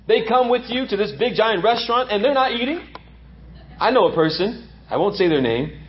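A man's voice: high-pitched, lively intonation, fairly quick, dull audio, slight background noise. A man preaching a sermon as pastor, emphatic and repeating lines for effect.

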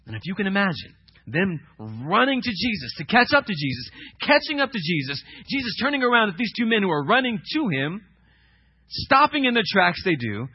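Preacher, male; husky, lively delivery with sharp drops to a hush; dull lo-fi church recording. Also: sits high, brisk. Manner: dramatic preaching, swings between loud emphatic questions and hushed reading. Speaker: pastor. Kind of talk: sermon.

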